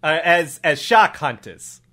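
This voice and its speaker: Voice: mid-range voice, animated, measured pace, pushed and bright. A performer improvising a bumbling small-town cop with a put-on Texas drawl, rambling and stammering. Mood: puzzled. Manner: rambling, stammering, repeating "all right". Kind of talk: improv comedy scene.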